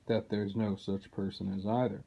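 A man's voice: fairly low pitch, little pitch movement, normal speed, vocal fry, husky. A man reading aloud as a sly male cat with a silky, scheming manner. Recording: dull lo-fi recording.

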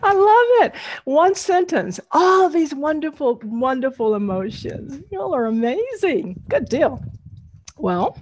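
A woman's voice: high-pitched, big pitch swings, slow pace, darkish tone. A middle-aged woman, leading an online storytelling workshop over a video call, encouraging and laughing often.

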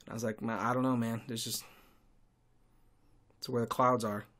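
A man hosting a podcast, telling stories in a sarcastic, irritable monologue with sudden loud outbursts. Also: medium pitch, little pitch movement, moderate pace. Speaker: podcast host and tour guide. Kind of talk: casual ranting monologue.

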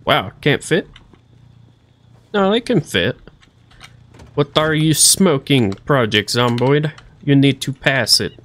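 Slow-talking male gameplay commentator. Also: mid-range voice, animated, fairly bright tone. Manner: chatty, talks to himself while playing, makes playful sound effects. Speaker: let's play gaming host.

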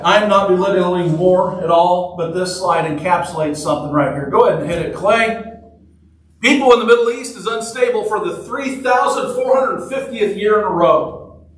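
A man's voice: high voice, a bit bright. A man preaching a sermon in a conversational, joking way, repeating short phrases for emphasis. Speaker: pastor. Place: church sanctuary. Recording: echoey church hall from far off.

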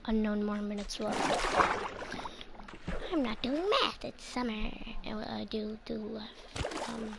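A woman rambles through casual gameplay commentary in a slightly high, gravelly voice, taking her time and often sinking into a whisper. Her playful chatter sits over a loud hiss and clicks from a home recording. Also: level tone, takes it slowly. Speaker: gameplay channel host.

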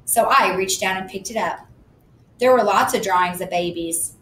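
A woman's voice: medium pitch, moderate pace, a bit bright, echoey room, slight background noise, low-quality recording. A woman narrating a first-person children's book in a plain, matter-of-fact storytelling manner. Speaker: audiobook narrator.

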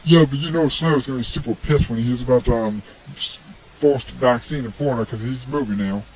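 A man's voice: mid-range voice, a little fast, a little mellow, rough recording. A man hosting a homemade radio show, rambling through a preachy opinion monologue full of "I mean" and "come on". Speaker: amateur radio show host. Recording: homemade hobby recording.

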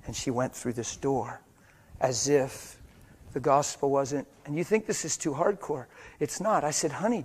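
A middle-aged man preaching a sermon in a church, moving between quiet, hushed storytelling and loud, fervent exhortation. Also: medium pitch.

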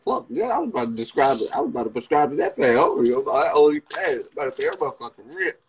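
Crowd noise fills the background while a young man with a Washington DC area accent talks fast, rambling to viewers on his phone livestream. He cusses, gets excited, and pops into high, yelping quotes.

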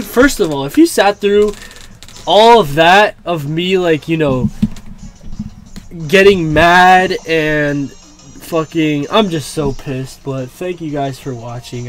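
A young man recording a let's play, exasperated, pleading with the game and swearing, now and then erupting into shouts. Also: on the high side. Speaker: gaming YouTuber. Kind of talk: frustrated let's play commentary. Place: home room.

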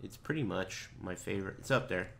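A man's voice: deep voice, lively intonation, a little fast, creaky, a bit bright, a little hiss or hum. A man playing a horror game, muttering directions to himself and swearing when something startles him. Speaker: gaming streamer. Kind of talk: let's play commentary.

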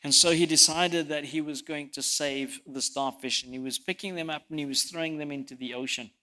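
A man preaching a sermon, telling stories and swinging from loud emphasis to soft, quiet lines, sometimes repeating words as he presses a point. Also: fairly high pitch, fairly even intonation, a little fast. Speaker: pastor.

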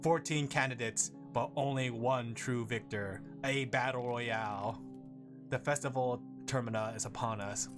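A man voicing a cryptic male servant of a moon god in a deliberately monotone voice, reading game dialogue aloud. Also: mid-range voice, music in the background, lightly acted. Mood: solemn. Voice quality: monotone, flat delivery.

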